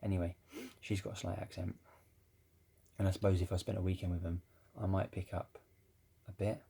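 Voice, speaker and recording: Deep, gravelly man rambling casually. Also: level tone, fairly quick, mellow. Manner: rambling, with many restarts and swearing. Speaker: ex-Jehovah's Witness vlogger.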